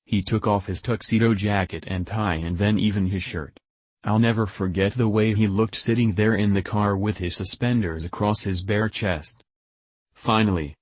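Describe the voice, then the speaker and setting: A man with a fairly low voice reads a first-person memoir aloud, keeping a steady, even storytelling pace. The sound is dry and close, with no room around it. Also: dry recording. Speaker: narrator.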